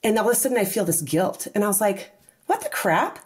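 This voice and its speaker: A woman's voice: medium pitch, quick pace, breathy edge. A woman in her forties, a podcast guest telling stories in casual interview chat, acting out bits of dialogue. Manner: animated storyteller, acts out quoted dialogue, frequent restarts. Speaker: podcast guest, wellness teacher.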